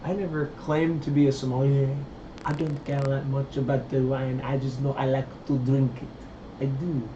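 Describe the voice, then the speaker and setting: A man's voice: mid-range voice, level tone, normal speed. A man hosting a casual live stream while building puppets, rambling and answering chat comments. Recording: roomy, dull, faint hiss.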